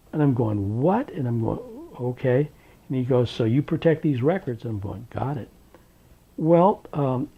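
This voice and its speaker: Older man, gravelly husky storyteller. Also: medium pitch. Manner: animated storyteller, acting out quoted dialogue. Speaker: interviewee recounting his work history. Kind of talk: oral history storytelling. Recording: dull lo-fi recording.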